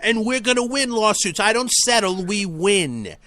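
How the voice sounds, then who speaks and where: A man's voice: high voice, expressive, normal speed, bright, forceful tone. A man performing a satirical impression of a brash, rambling male politician at a rally. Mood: boastful. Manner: boastful, rambling, repetitive phrasing.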